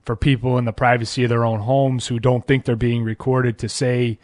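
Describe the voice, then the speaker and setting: A young man hosting a sports podcast in a small studio, opening with radio-style lines and replying in a measured, agreeable way. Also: mid-range voice, level tone, darkish tone, no echo. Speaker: host. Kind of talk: casual sports talk.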